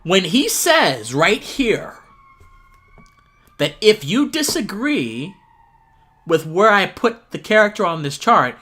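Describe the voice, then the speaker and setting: A man's voice: high voice, very animated, slow, long pauses, pushed and bright, slightly rough. A man streaming live, reacting to a video with exasperated ranting and frequent laughter.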